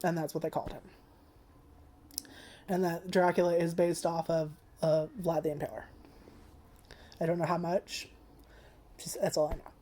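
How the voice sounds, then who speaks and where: A woman talks straight to the camera in a loose, rambling vlog review. Her voice sits a little low and sounds soft and mellow. She swears freely, leans on "like" constantly, and gets emotional as she goes. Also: flat delivery, normal speed, pauses often. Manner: rambling and profane, heavy use of "like"; emotional, tearful at times. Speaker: anime reviewer.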